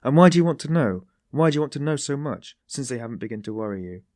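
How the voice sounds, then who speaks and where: A man's voice: mid-range voice, expressive, quick pace, mellow, no echo, studio quality, voice pushed up, natural voice. A man voicing a sly, genial detective who teases in a mocking, ironic way. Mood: teasing. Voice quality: tittering, mocking.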